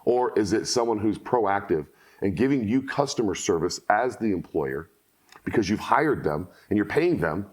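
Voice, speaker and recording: A man hosting a podcast, talking bluntly and telling animated stories in casual conversation. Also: on the low side, normal speed, breathy edge. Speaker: podcast host.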